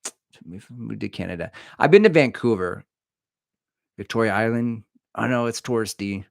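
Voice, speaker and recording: A man's voice: fairly low pitch, expressive, moderate pace, creaky, dry recording, studio quality. A middle-aged man hosting a casual livestream, rambling and joking as he reads viewer comments aloud. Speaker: livestream host answering chat. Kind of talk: casual live-stream chat.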